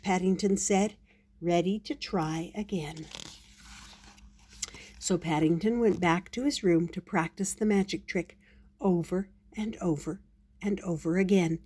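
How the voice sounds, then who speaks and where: Older woman, picture-book reader, gentle storytelling delivery. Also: fairly low pitch, measured pace, pauses often, husky. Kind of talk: reading a picture book aloud.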